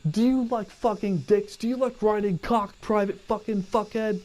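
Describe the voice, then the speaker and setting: Guy doing a drill sergeant barking crude abuse, voice jacked way up high. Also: fairly even intonation, normal speed, darkish tone, close to an everyday voice. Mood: abusive barking. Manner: barking insults, crude, bullying. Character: harsh profane male army drill sergeant.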